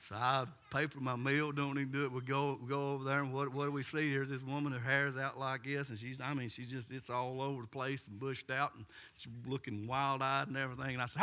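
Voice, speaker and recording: A man's voice: medium pitch, flat delivery, a little fast, hardly any pauses, pushed and bright. A middle-aged male pastor, telling a story animatedly and acting out the voices. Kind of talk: storytelling sermon.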